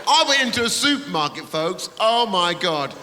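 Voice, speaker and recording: A man's voice: high-pitched, sing-song, normal speed, bright, forceful tone, a faint crowd. A man doing a brash stand-up comedy set, swearing and teasing the audience in a large theatre. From England. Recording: reverberant theatre with audience noise.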